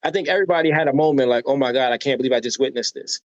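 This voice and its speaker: A man's voice: mid-range voice, rapid-fire, no echo. An American man telling personal stories as a podcast guest. He has a mid-range voice and acts out the people in his stories, often checking in with "right?". The sound is dry and a little dull, like a modest lo-fi recording. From United States. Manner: animated storyteller who acts out quoted voices and often adds "right?". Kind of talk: personal storytelling in a podcast interview.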